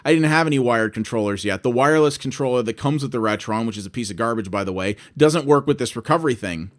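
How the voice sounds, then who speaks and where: A man's voice: mid-range voice, fast. Exasperated man ranting at length. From Canada. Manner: exasperated storytelling, quoting both sides of calls; swears freely. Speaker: video blogger. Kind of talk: ranting monologue.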